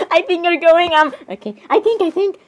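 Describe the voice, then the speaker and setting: A woman chatting in character while reacting to a video, giggling often and apologizing between excited outbursts. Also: extremely high pitch, noisy background. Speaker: role-play reaction streamer.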